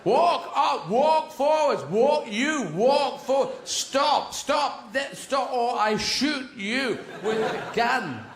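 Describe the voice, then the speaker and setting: A man voicing a loud, bossy horse trainer who shouts orders. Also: extremely high pitch, animated, slow, few pauses, slight background noise, pitched above the performer's own voice, heavily acted. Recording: roomy live venue.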